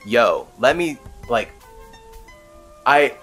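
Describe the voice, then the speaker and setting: A young man hosting a podcast, telling a story in an animated, casual way with frequent fillers. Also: medium pitch, extremely slow, husky, soft background music. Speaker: podcast host. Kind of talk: casual monologue.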